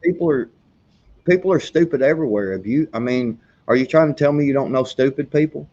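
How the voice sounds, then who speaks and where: A man's voice: medium pitch, brisk, darkish tone. A man in a casual political chat, speaking bluntly and with exasperation. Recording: dull lo-fi sound.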